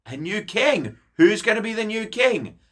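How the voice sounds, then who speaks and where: A man's voice: sits high, very animated, moderate pace, a bit bright, pitched above the performer's own voice, full character voice. A man voicing eager, loyal followers in a children's story.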